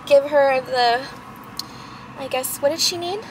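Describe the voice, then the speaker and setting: A woman's voice: high voice, a little slow, noisy background. A young woman vlogging casually to camera, chatty and rambling, a little out of breath. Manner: chatty, rambling, frequent laughs.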